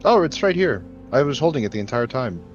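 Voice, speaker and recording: A man plays his character in a tabletop game, eager and quick to help. His pitch jumps around animatedly. The recording is dull and lo-fi with faint music. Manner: lively, helpful, eager. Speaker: player. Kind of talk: in-character tabletop role-play.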